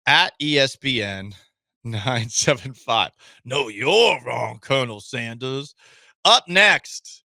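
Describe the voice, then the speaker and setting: A man hosting sports talk radio from a studio, joking and animated, restarting his sentences often. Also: lowish voice, dry recording.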